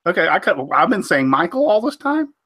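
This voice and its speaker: A man's voice: high-pitched, very animated, brisk, bright, forceful tone, husky, no room sound. Sick man hosting a live show. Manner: rambling, stumbles over names, frequent fillers. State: congested, recovering from a cold. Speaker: host of a woodworking live show. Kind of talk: casual live-stream chat.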